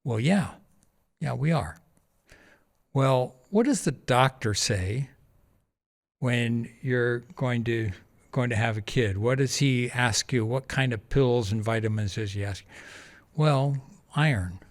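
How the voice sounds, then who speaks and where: Man telling animated stories, mid pitch. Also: takes it slowly. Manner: animated anecdote-telling, acting out quoted voices, laughs often. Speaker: podcast guest, charity founder. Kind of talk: casual storytelling interview.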